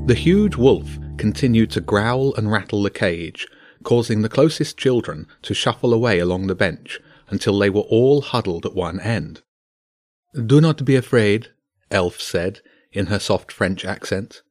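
A man with a low voice reads a children's bedtime story aloud at a steady pace. The sound is dry and close to the mic. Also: moderate pace, no echo. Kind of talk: scripted storybook narration.

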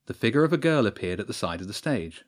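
A man narrating a story in a steady storytelling voice. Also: lowish voice, fast. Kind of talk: scripted narration.

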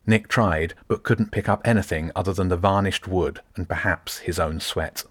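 Reading a fantasy audiobook, a man narrates in a fairly low, slightly rough voice, steady and descriptive. The sound is close-miked and dry, without any echo.

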